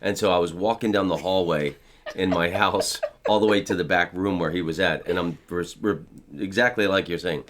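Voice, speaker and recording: Very deep-voiced man telling stories. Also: fairly even intonation, normal speed, fairly bright tone, slight background noise. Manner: storytelling, putting on voices for quoted people. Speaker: podcast host. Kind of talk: casual chat.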